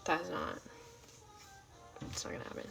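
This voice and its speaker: A woman's voice: moderate pace, fairly bright tone, faint music behind. A woman of twenty-one from California chatting casually on a livestream, reactive and full of fillers, sometimes dropping to a whisper.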